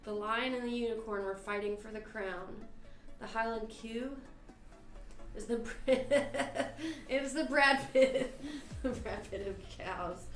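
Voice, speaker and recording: A woman's voice: a little high, slow. A woman hosting an online trivia livestream, giggling often as she reads questions and chats. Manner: giggly, laughs often while reading questions. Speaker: trivia host. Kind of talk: casual trivia livestream chat. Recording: roomy echo with faint music.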